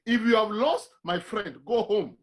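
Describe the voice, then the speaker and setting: This is a Kenyan man with a notably high voice, speaking as a guest on a church television panel. He builds his argument with emphatic, sermon-like exhortation, turning to the listener with direct appeals. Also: measured pace, fairly bright tone.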